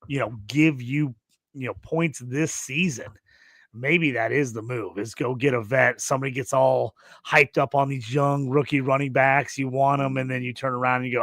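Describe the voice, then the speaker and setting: Man, podcast host, eager, thinks out loud, dry close recording. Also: mid-range voice, steady tone, normal speed, no room sound. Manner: enthusiastic, thinks aloud with restarts. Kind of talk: casual chat.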